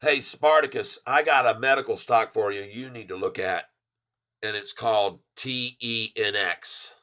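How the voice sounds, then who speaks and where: A man hosting a casual livestream about stocks. He talks in an excitable, rambling way, with loud exclamations and restarts. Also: lowish voice, unhurried. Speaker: stock market vlogger and songwriter.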